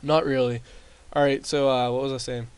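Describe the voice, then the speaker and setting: A man's voice: medium pitch, level tone, normal speed, clear, resonant tone. Rambling man recapping a wrestling sim. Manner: rambling, filler-heavy recap. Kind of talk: casual commentary over gameplay. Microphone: desk mic with boosted gain.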